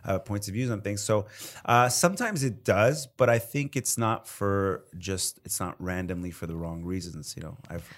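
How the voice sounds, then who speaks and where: Comedian guest, male, lower register, rambling and chatty. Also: moderate pace. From Canada. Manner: rambling, heavy on fillers and acted-out quotes. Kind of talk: casual interview chat.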